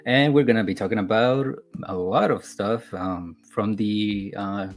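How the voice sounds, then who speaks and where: A man hosting a casual film podcast, chatty and relaxed, laughing often. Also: on the low side, a little slow. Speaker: podcast host.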